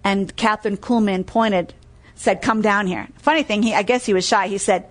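This woman preacher speaks at a normal speed with a medium pitch and a steady tone. Her sermon mixes stories with scripture read aloud, and she repeats key phrases for emphasis and quizzes listeners with "what?".

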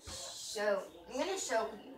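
A woman's voice: on the high side, very animated, a little slow, very noisy. A young woman rambling casually to the camera in a bedroom, filming on a handheld phone and using lots of fillers. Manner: rambling, full of fillers like "so" and "yeah". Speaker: vlogger. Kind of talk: casual vlog chat. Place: bedroom indoors.

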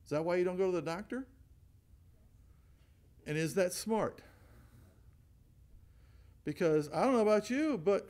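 A pastor leads a Bible study in an animated way, posing questions to the group and answering them himself, acting out voices in quotes and laughing often. His voice sits high, and he speaks unhurriedly with long pauses.

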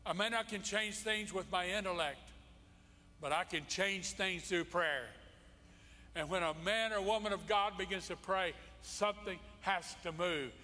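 Impassioned pastor in a reverberant church. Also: male voice, high voice, unhurried, pushed and bright. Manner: impassioned preaching with emphatic repetition. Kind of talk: sermon. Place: church sanctuary. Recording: long church-hall reverb.

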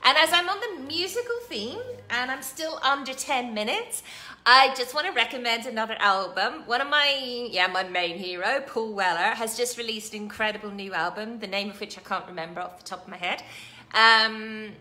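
A woman's voice: fairly high pitch, moderate pace, sharp tone. A woman hosting a weekly live coaching stream, chatting in a bubbly, gushing way, full of fillers and asides. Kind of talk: casual live-stream chat. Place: at home.

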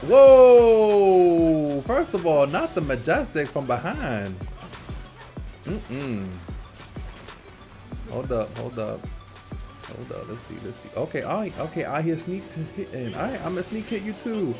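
Animated man trash-talking over gameplay. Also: fairly high pitch, measured pace, pauses often, music in the background. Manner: animated, playful trash talk with frequent laughter. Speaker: gaming channel host. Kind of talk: live gameplay commentary.

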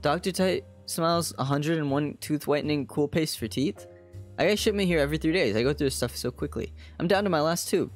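A man's voice: a little high, a little fast, soft background music, lightly acted. A man voicing a cheerful, vain scientist proud of his white teeth, reading game dialogue aloud in a chirpy, proud way. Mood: chirpy pride.

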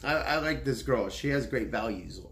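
A man's voice: medium pitch, animated, moderate pace, creaky, a bit bright. Young man, live streamer, playful, teasing, repetitive, roomy echo. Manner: playful, teasing, repeats himself. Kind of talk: casual chat.

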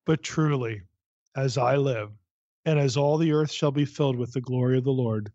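A man's voice: medium pitch, moderate pace, mellow, no echo, highs cut off. Man teaching the Bible, conversational. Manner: conversational, many "you know" fillers, reads scripture aloud. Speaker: podcast host teaching the Bible.

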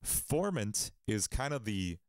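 Rambling male music streamer, lively voice. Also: lowish voice, slow pace, no room sound, clean studio sound. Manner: relaxed, rambling, thinking aloud with fillers. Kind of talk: casual livestream explanation.

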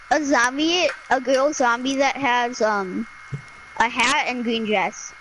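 A high-pitched woman chatting through a game in an unhurried way. She is excitable and melodramatic and bursts into shouts now and then. Faint noise sits under her voice. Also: poor audio. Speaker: gaming streamer. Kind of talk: casual gameplay chat.

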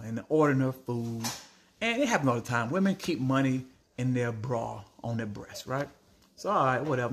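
Ice cart guy ranting about customers, fed up, voice shoots way up when he's annoyed. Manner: exasperated, animated ranting with sudden high-pitched outbursts. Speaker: Italian ice vendor. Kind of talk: ranting storytime vlog.

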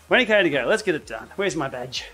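Aussie bloke chatting on his training-ride stream, kinda high voice, music faint in the back. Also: big pitch swings, fast, pushed and bright, breathy edge. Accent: Australian. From Australia. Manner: chatty, rambling, wry asides. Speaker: cycling YouTuber host. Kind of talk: casual livestream chat while riding.

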